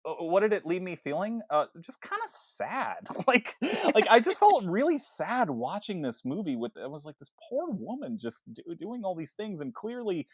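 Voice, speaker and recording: A man talks through a film on a casual podcast, his fairly high voice swinging up and down as he acts out bits of dialogue. He stumbles and restarts often, full of energy. The sound is dry and close. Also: normal speed, few pauses, breathy edge, no room sound. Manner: animated, stammering restarts, acts out quoted lines. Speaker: podcast co-host.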